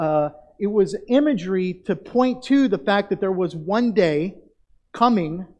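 Casting note: high-pitched male pastor, emphatic pulpit delivery, speaks straight to his congregation. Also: darkish tone. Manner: emphatic preaching with drawn-out stressed phrases; direct address to the congregation. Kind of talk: sermon.

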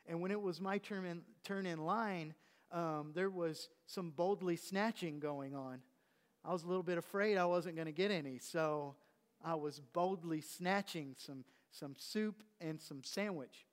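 A man preaching a sermon as pastor, teaching his congregation with rhetorical questions and slowing down to stress key words. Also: on the high side. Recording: long hall reverb.

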